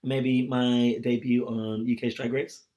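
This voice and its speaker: A man's voice: medium pitch, little pitch movement, slow, warm tone. A young man from England co-hosting a casual podcast, with a slightly posh-sounding way of speaking. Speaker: podcast co-host. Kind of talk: casual chat.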